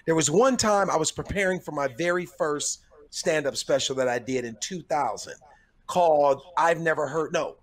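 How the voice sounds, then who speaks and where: A man's voice: fairly high pitch, moderate pace. A middle-aged man, a comedian guesting on a podcast, telling stories thoughtfully and repeating words as he gathers his thoughts. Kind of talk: casual chat, storytelling.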